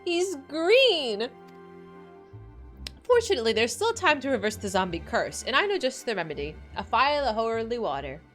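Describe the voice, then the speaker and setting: A woman voicing a fierce, scolding middle-aged mother with a put-on Scottish accent, sharp and bossy in tone. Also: on the high side, big pitch swings, normal speed, faint music behind. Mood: brisk.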